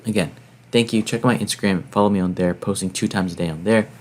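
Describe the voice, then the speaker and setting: A man's voice: low voice, fast, a little mellow. A man hosting his own channel, walking through calculations step by step and urging viewers on in a motivational way. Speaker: finance channel host. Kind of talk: explaining to camera.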